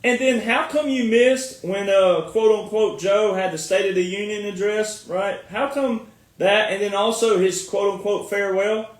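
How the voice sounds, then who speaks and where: A man's voice: sits high, normal speed. A man from the United States, a military veteran, giving a sarcastic, mocking commentary and often breaking into laughter. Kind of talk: ranting online commentary. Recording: echoey room, far from mic.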